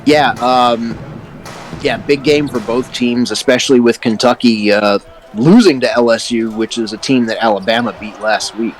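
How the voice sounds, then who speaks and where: A man's voice: mid-range voice, moderate pace, rough recording. Laid-back male color commentator. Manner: relaxed, many "uh" fillers.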